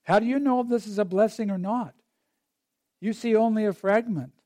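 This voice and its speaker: A man puts on a calm, wise old woodcutter in a storytold parable, his high voice mellow and his questions patient and measured. He speaks dry and close, never rushing. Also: no echo, lightly acted. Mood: gently reproving.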